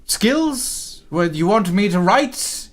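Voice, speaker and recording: A man's voice: sits high, expressive, slow pace, voice pushed up, exaggerated voice. A man voicing a weary, grumpy male elf cleric and scribe who complains with exasperation. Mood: exasperated.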